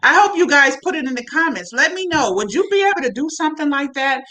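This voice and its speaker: A woman casually recapping a TV episode for her viewers, chatty and animated, with frequent asides to the audience. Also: high voice, fast, poor audio. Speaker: show reviewer. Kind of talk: casual recap chat to camera.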